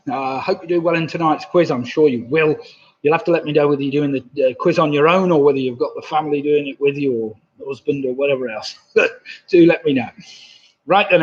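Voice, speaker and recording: With a slightly high, darkish voice, a quiz host in his sixties from England runs a live-streamed pub quiz, chatting and laughing as he reads out messages from viewers. The sound is dull, lo-fi home stream audio.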